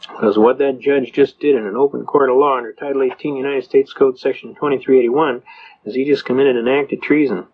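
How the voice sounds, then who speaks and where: A man's voice: medium pitch, fairly even intonation, a little fast, husky. Folksy older man telling a story. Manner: folksy, acts out quoted voices. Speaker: speaker on constitutional law. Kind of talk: storytelling talk to an audience. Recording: slightly dull lo-fi recording.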